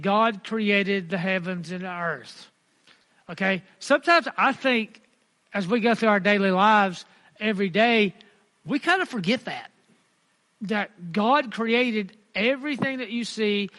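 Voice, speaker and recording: High-voiced man preaching in a reverberant hall. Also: a bit bright. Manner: earnest, repeats phrases, reads scripture aloud. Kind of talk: sermon.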